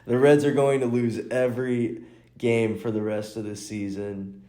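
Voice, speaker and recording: A man's voice: mid-range voice, flat delivery, measured pace, mellow. A man hosting a casual solo podcast, rambling through stories, restarting his sentences and chuckling. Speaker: podcast host and stand-up comic. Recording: roomy echo.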